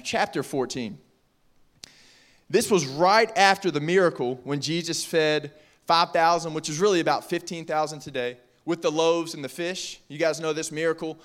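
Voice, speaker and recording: A young man preaching a casual youth sermon in an animated, jokey, conversational way. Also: fairly high pitch. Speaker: youth pastor.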